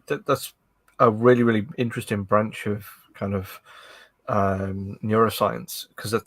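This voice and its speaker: A man's voice: on the low side, no echo. A man co-hosting a podcast, explaining things in casual chat with stumbling starts. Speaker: podcast co-host.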